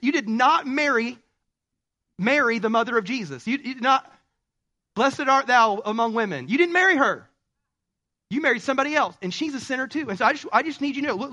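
A male pastor preaching a sermon in an animated way, acting out quoted spouses. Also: very high-pitched, no echo.

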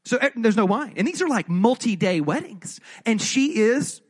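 A man's voice: very high voice, sing-song, normal speed. A male pastor giving a sermon in a conversational, jokey way, often asking the audience questions.

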